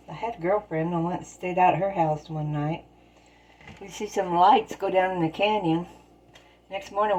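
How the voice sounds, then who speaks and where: A woman's voice: lowish voice, mellow, dull audio. A woman telling folksy stories in plain, rural turns of phrase while she bakes in her home kitchen. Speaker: storyteller and home baker. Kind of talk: casual spoken storytelling while baking.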